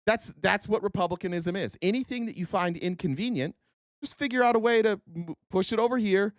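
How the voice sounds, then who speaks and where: A man streaming unscripted political commentary, sarcastic and profane, swinging from low muttering to heated outbursts. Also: a little fast, no room sound, clean studio sound.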